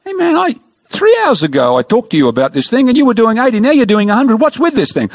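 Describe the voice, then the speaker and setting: A man's voice: on the high side, brisk, no room sound, studio quality, natural voice. A man voicing a stern, fatherly male traffic cop who scolds a speeding driver. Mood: exasperated. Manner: scolding, then lenient.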